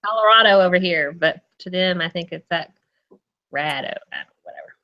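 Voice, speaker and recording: A woman's voice: fairly low pitch, fast, muffled recording. A woman from North Carolina hosting an online interview in casual chat, laughing often and rambling a little. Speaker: interview host.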